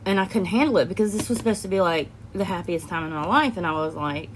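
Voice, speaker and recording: A woman's voice: lowish voice, fast talker, hardly any pauses, a little hiss or hum. A young woman vlogging casually about her own experiences, rambling and emotional, often trailing off with laughs and sighs. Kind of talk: casual personal storytelling to camera.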